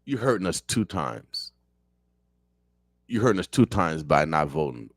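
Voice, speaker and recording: A man's voice: a bass voice, very animated, a little slow, no room sound, studio quality. A man speaking as a radio show guest, talking politics in a fiery, preacher-like way and repeating phrases for emphasis. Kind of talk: impassioned political talk. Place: radio studio.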